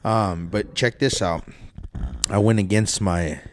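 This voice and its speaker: A man's voice: on the low side, steady tone, slow pace, slight background noise. A man co-hosting a podcast in casual chat, laid-back, with short replies and casual swearing. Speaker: podcast co-host.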